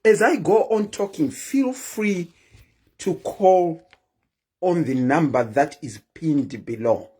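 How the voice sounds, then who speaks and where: A woman's voice: low-pitched, slow pace, dark tone, breathy edge. A woman hosting a live stream, chatting casually and keeps asking her viewers questions.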